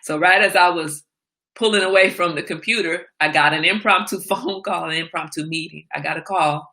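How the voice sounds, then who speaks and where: A woman hosts a casual livestream chat, her voice bright and forceful while sitting a little low in pitch. She tells candid, confiding stories with animated energy and laughs often as she goes. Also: moderate pace. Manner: animated storytelling with frequent laughter. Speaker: livestream host.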